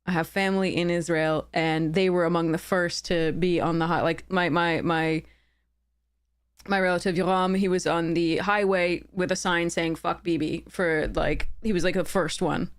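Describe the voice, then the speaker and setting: A woman's voice: lowish voice, flat delivery, normal speed. A woman game streamer chatting live with her viewers, earnest and heated, often stopping to apologize.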